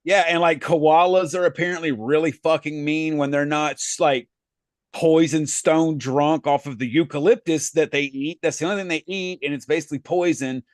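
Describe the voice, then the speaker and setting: A man's voice: on the high side, steady tone, normal speed, dry recording, clean studio sound. A man co-hosting a casual podcast, rambling through profane banter with lots of fillers and frequent laughs. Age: adult parent. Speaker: podcast co-host.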